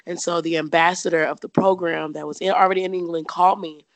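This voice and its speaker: A woman's voice: on the low side, fairly even intonation, fast, no echo. A young woman from the United States casually telling a personal story as an interview guest, chatty, with many fillers and frequent laughs.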